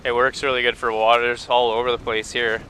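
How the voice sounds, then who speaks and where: Canadian man from Alberta, boat operator, laid-back rambling chat, bright edge, faint wind and engine behind. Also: mid-range voice, flat delivery, fairly quick, low-quality recording. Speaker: boat operator on a live wildlife stream. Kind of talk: casual chat. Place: open boat on the water, outdoors.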